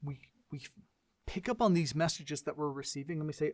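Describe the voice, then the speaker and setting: Brief: middle-aged man, bright higher register, earnest lecturer who uses rhetorical questions, dry close sound. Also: brisk, dry recording. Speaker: lecturer and mediator. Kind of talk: educational lecture to an audience.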